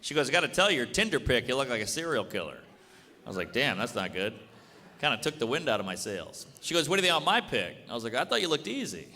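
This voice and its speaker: A man doing a stand-up routine on a club stage, delivering blunt, deadpan jokes and acting out quick bits of dialogue. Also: mid-range voice. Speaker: stand-up comedian. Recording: live club with audience noise and reverb. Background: laughing audience.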